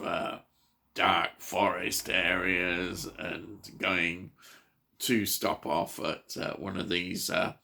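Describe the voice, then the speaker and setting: Low, creaky male reviewer, unhurried and halting, eager about the film. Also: sharp tone. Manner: hesitant, many fillers and restarts; enthusiastic. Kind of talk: casual film review chat.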